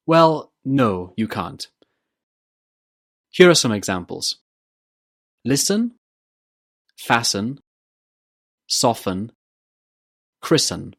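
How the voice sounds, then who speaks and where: A male pronunciation teacher talks slowly and deliberately, modelling example words and questions for listeners to repeat. His pitch moves in a lively way as he shows the intonation. The recording is dry and close. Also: dry recording. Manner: slow, careful modelling of words and questions for repetition. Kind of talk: English pronunciation lesson.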